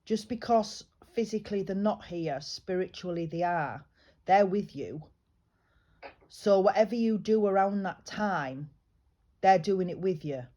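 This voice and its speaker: A woman working as a psychic medium, giving a private reading in a chatty, reassuring way, often pausing and restarting her sentences. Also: mid-range voice, animated, dark tone. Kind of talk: private spiritual reading, casual chat.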